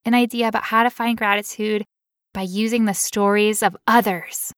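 A woman's voice: medium pitch, steady tone, moderate pace, no room sound, studio quality. A woman co-hosting a podcast in casual chat, playful and joking, laughing often. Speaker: podcast co-host.

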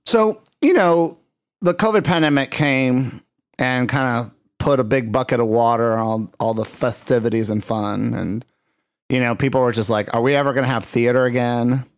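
A man's voice: mid-range voice, normal speed, no room sound, studio quality. A man hosting an interview podcast, asking questions in a playful, theatrical, joking way. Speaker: podcast host. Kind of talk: casual interview chat.

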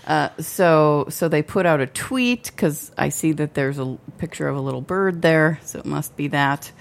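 A woman's voice: sits low, normal speed, vocal fry. A tipsy woman co-hosting a casual chat show, reading out a news story and laughing often as she rambles. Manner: laughs often, loose and rambling after drinking. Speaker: podcast co-host.

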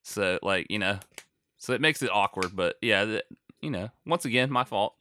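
A man's voice: on the low side, animated, normal speed, pushed and bright, a little hiss or hum. An American man co-hosting a podcast, chatting casually in a rambling, self-mocking way with lots of fillers. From United States. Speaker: podcast co-host. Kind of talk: casual chat.

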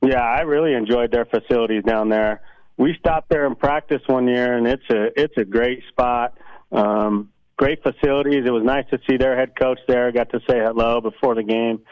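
A man in his forties, a high school coach, relaxed and plain-spoken in a radio interview. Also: normal speed, no room sound. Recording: dull lo-fi line.

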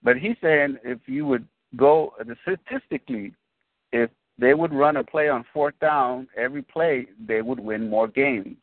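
A man co-hosting a casual sports podcast, rambling and restarting his sentences, getting animated when he explains a point. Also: medium pitch, measured pace, dry recording. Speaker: podcast co-host. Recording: dry, phone-like lo-fi audio.

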